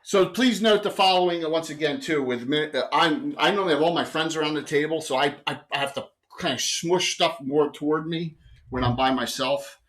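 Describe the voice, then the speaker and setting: A man with a fairly high voice runs a tabletop game for his players, rambling through his setup. He trails off, restarts sentences, and fills gaps with "uh" and "you know" as he lays out the scene. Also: fairly quick, a bit bright. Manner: rambling, with many fillers and self-corrections. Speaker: game master. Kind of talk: running a live tabletop game.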